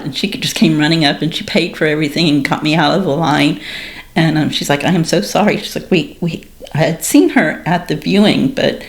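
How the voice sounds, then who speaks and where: A low-pitched, middle-aged woman tells her story in a relaxed podcast conversation. She speaks candidly with a dark sense of humor and brings quoted exchanges to life with sudden jumps in pitch. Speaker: guest sharing her story.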